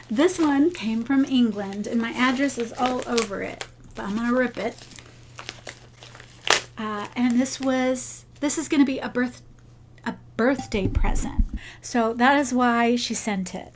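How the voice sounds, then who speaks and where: A woman's voice: on the high side, a little slow, a little hiss or hum. A woman vlogger chatting casually about crochet and gifts, sentimental and thankful. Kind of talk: casual chat.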